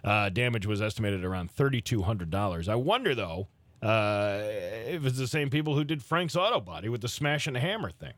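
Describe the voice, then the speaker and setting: A man's voice: on the low side, animated, moderate pace, a bit bright, no room sound. A man hosting a casual talk show, reading out local news items and commenting on them. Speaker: radio talk show host.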